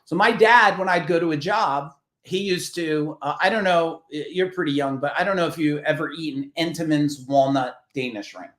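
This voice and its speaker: New guy, middle-aged, swears a lot telling stories, kinda high voice, roomy echo. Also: normal speed, hardly any pauses. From New Jersey. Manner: animated, profane, acts out quoted voices. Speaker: podcast guest, business coach. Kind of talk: casual interview storytelling.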